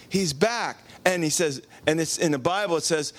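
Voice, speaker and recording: Male pastor, high voice, chatty sermon, acts out the story, quizzes the room. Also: normal speed, slight background noise. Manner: animated, acts out quotes, asks the congregation questions. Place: church.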